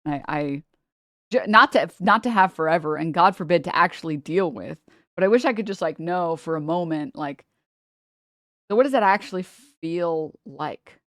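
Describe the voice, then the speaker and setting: A woman livestreamer chatting casually with her viewers and reading chat, rambling and animated, laughing often and swearing freely. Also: on the low side, moderate pace, dry recording, clean studio sound.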